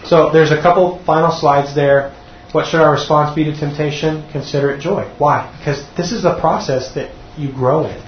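A church class teacher preaches a sermon to a group, his voice on the high side with fairly even intonation and a normal pace. Earnest, he frequently repeats words when restarting. The echoey room recording is dull and carries a little hiss or hum.

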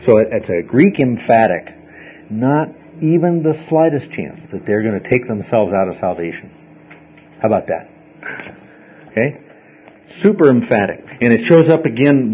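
A man's voice: on the low side, highs cut off, slight background noise. A man teaching a Bible study class to a group, explaining step by step in a conversational way and often checking in with "okay?". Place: classroom with listeners.

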